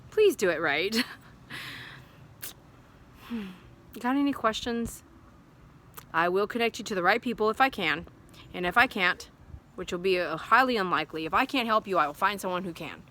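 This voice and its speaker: A woman's voice: medium pitch, lively intonation, moderate pace, pauses often, sharp tone. A woman with a mid-range voice talks straight to her viewers in a loose, rambling way, heartfelt and earnest. She is a dog groomer recording outdoors at sundown, with faint noise in the background. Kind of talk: casual vlog talk to viewers.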